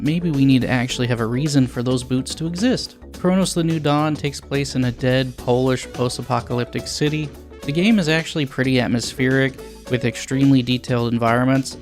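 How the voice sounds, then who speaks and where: A man's voice: medium pitch, darkish tone. A young man reviewing a video game, blunt and sarcastic with crude jokes.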